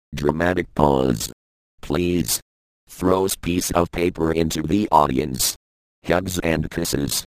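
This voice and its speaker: A man reading out a stand-up comedy script, stage directions and all, in a deadpan, dull delivery. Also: very deep voice, no room sound.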